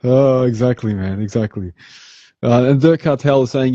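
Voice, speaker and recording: An Australian man hosting a podcast, chatting casually and laid-back, acting out customers in quick asides. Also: mid-range voice, fairly even intonation, dark tone, no echo, muffled recording. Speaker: podcast host.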